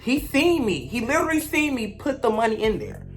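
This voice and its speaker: A woman's voice: fairly high pitch, very animated, fairly quick, soft background music. A young woman, telling a blunt, gossipy storytime rant as a vlogger.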